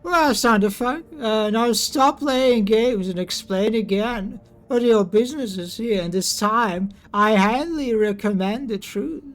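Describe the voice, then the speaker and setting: A man's voice: sits high, a little slow, hardly any pauses, a bit bright, pitched above the performer's own voice. A man doing a stern starship captain.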